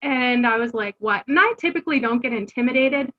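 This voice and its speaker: A woman's voice: high voice, quick pace, muffled recording. A middle-aged woman telling her family's story as an interview guest, earnest and conversational, with fillers and restarts. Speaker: guest, homeschooling mother. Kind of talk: candid personal storytelling.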